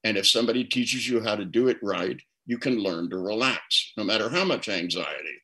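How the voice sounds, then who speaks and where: Older man with a bright, forceful voice. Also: lowish voice, brisk, rough recording. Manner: reflective, anecdotal, repeats words when starting. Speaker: guest therapist. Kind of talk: storytelling interview answer.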